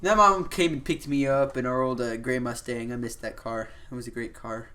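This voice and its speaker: With crowd noise in the background, a young man hosting a podcast spins a lengthy, casual story peppered with "like" and "you know." He speaks in a steady, mid-range voice at a moderate pace.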